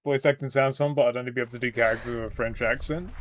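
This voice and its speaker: A British man chats casually as he plays on stream. He rambles and pokes fun at himself, scattering "like" through his sentences. Loud constant noise and clicking sit under his voice. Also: medium pitch, steady tone, rapid-fire. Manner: rambling, lots of "like" fillers, self-deprecating. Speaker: gaming streamer. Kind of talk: casual stream chat while playing.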